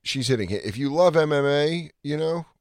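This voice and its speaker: A man co-hosting a casual podcast chat, telling stories with lots of laughter and quick put-on voices. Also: on the high side, clean tone. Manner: animated storytelling with impressions and laughter. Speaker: podcast co-host.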